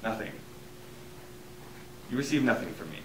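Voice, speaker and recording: A weary, gentle old Santa, speaking in a low, slow, somber voice, as a man reads him out. It sounds distant and echoey, with faint noise in the room. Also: expressive.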